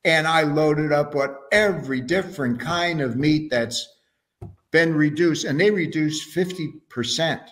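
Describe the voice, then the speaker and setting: A man's voice: fairly high pitch, unhurried, a bit bright. A man talking as an interview guest, telling stories in an enthusiastic, casual way with frequent restarts. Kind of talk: casual conversational storytelling.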